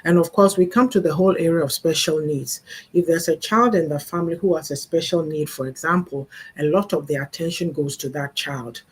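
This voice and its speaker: Older woman, host of a live faith talk, husky, earnest and advising. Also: sits low. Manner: earnest, advising, acts out parents' sayings. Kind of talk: livestream talk on family and faith.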